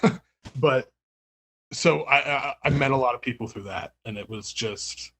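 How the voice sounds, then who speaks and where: A man's voice: mid-range voice, unhurried, fairly bright tone, slightly rough. Rambling man talking about his record label. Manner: rambling, many fillers and restarts, laughs often. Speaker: label owner and music writer. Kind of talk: casual interview chat.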